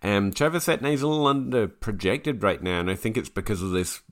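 Male podcast host with a low voice, opinionated and self-mocking, thinking aloud. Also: a little fast. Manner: opinionated, self-deprecating, many fillers and restarts. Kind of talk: solo fantasy football podcast talk.

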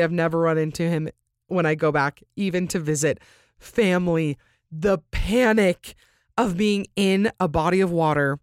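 A young woman talks into a close, dry mic, hosting her podcast in a casual, chatty way. Her speech is sprinkled with "like", and her pitch jumps up when she gets animated. Now and then she clears her throat from allergies. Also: no room sound. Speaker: podcast host. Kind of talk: casual chat, reading listener stories.

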